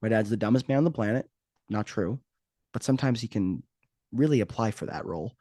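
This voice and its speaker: A man's voice: fairly low pitch, animated, a little fast, dark tone, dry recording, clean studio sound. A man hosting a podcast, talking casually in a joking, rambling, self-mocking way. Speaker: podcast host. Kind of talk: casual podcast intro monologue.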